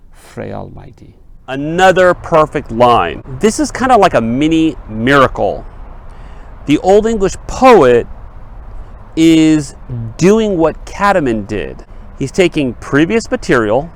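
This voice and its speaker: A man's voice: mid-range voice, gravelly. A man teaching literature in an explanatory lecture, reading verse lines aloud and checking in with his listeners.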